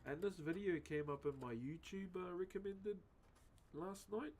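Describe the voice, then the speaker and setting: A man's voice: sits high, measured pace, a little mellow. A man chatting casually with his live-stream viewers while he carves, laid-back and chatty, peppering his talk with "eh?" and "bro". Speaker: livestreamer. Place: home streaming setup while wood carving. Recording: music bed under voice. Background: music playing.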